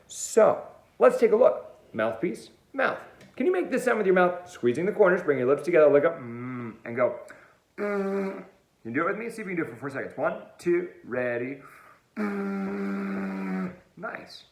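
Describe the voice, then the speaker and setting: Upbeat, animated male music teacher. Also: high-pitched, brisk, vocal fry. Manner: upbeat, playful, talks straight to the viewer. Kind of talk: online music lesson for kids. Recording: roomy echo.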